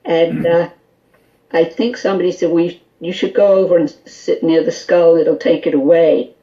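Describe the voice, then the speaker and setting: Woman guest on call-in radio, lively storyteller, mellow voice, kinda muffled line. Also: fairly low pitch, moderate pace. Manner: animated storyteller with laughs and quoted dialogue. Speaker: guest, skull interpreter.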